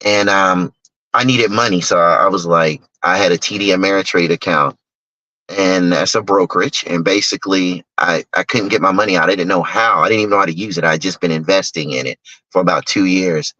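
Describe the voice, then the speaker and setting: A man with a low, bright and forceful voice tells his story with lots of energy, jumping up in pitch whenever he plays the people in it. The sound is dry and close. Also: a little fast, dry recording, highs cut off. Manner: animated storyteller who acts out other people's lines in sharply raised voices. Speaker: guest speaker on investing. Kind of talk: personal storytelling on a talk stage.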